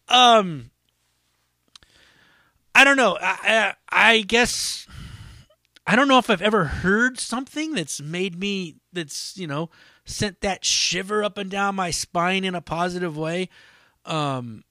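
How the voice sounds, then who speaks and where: A man's voice: sits high, animated, slow pace, pauses often, bright, forceful tone, no echo, clean studio sound. A man hosting a solo podcast in a casual, rambling, profane way with lots of fillers. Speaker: podcast host.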